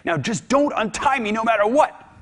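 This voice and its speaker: A man voicing a hot-headed ancient hero captain who pleads and shouts in a high, strained voice. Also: animated, a little fast. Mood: furious.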